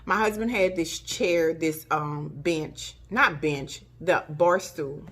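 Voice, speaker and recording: A woman's voice: deep voice, slow, fairly bright tone. A middle-aged woman tells a personal story to camera, emotional, acting out gasps and cries as she recalls them. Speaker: vlogger.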